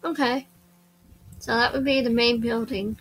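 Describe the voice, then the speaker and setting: A young woman playing a dating game with a friend, soft-spoken, unsure and giggly. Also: fairly high pitch, fairly even intonation, measured pace, husky, poor audio. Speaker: co-player. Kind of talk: casual game commentary.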